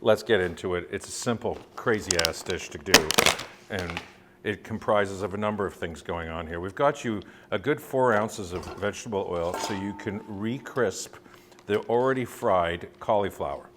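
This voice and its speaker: A man cooking and demonstrating a recipe as a chef, chatting with jokes and lively asides. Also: sits low, normal speed. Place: kitchen, cooking at the stove. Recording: sizzle and kitchen noise. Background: sizzling pan.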